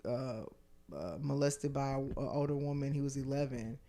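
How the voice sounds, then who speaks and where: A woman comedian as a podcast guest, telling stories in casual chat, acting out quotes and swinging from hushed to loud, with lots of fillers. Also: very deep voice, moderate pace. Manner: animated storyteller who acts out quotes with big swings from hushed to loud; filler-heavy speech with many likes and restarts.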